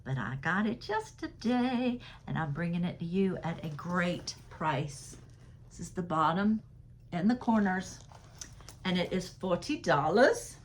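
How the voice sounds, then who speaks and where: A woman with a lowish, expressive voice speaks at a measured pace, and there's a little hiss or hum in the audio. Talking straight to viewers in a casual haul vlog, she chats and laughs often while showing and pricing the purses she resells.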